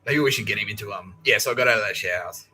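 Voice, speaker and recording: A man's voice: lowish voice, rapid-fire, sharp tone, low-quality recording. A man hosting a podcast, talking in a profane, laughing, rambling monologue. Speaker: podcast host.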